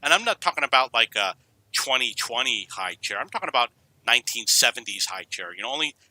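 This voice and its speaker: A man's voice: medium pitch, lively intonation, fairly quick, sharp tone, rough recording. A middle-aged man from New York casually telling rambling personal stories, drifting off on tangents. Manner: rambling, digressive, anecdotal. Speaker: storyteller.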